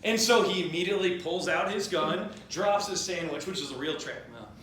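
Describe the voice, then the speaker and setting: Here a man with a high-pitched voice talks a little fast over a loud crowd, spinning a rambling, joking history story at a party. He mimics the voices of the figures involved, drunk-history style for laughs. The recording has a very echoey room and faint noise.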